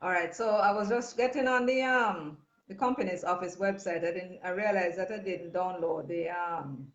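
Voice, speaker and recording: A woman's voice: fairly low pitch, normal speed. Jamaican lady guest, kinda hesitant, lots of um and restarts, muffled lo-fi sound. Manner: hesitant, restarts and fillers while explaining. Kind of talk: phone-in discussion. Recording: dull lo-fi line.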